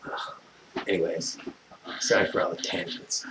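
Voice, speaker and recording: A man's voice: normal speed, background noise. An American man telling a personal story as a vlogger, exasperated and swearing constantly, wandering off on tangents. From United States. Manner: profane, exasperated, tangent-prone.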